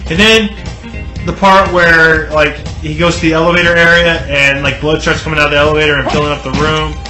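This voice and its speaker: A man's voice: fairly high pitch, steady tone, fairly quick. Rambling, cursing man telling a story. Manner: rambling, profane, full of "like". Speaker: podcast co-host. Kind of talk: comedic storytelling. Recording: roomy podcast audio with music behind.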